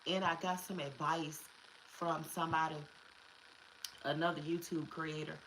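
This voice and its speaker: A woman's voice: deep voice, steady tone, measured pace, a bit bright, a little hiss or hum, low-quality recording. A woman giving a casual spiritual tarot reading, emphatic and repetitive, slipping into slang and curses. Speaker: tarot reader.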